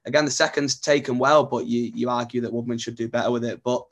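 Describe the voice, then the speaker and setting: A man's voice: medium pitch, fairly even intonation, fast talker. A man, a podcast guest, talking football in a thoughtful, easygoing way. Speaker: podcast guest, club editor. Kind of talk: casual podcast chat.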